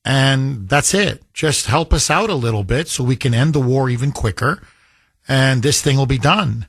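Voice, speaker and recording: Emphatic talk radio host, dry studio. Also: male voice, medium pitch, lively intonation, fairly bright tone, husky, no room sound. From United States. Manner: emphatic, rhetorical questions in quick runs.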